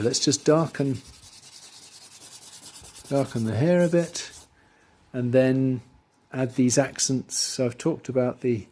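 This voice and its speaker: Guy narrating his drawing as he goes, mid pitch, mutters little asides, charcoal scratching. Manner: thinking aloud while drawing, quiet trailing asides. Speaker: art teacher. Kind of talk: drawing tutorial voice-over.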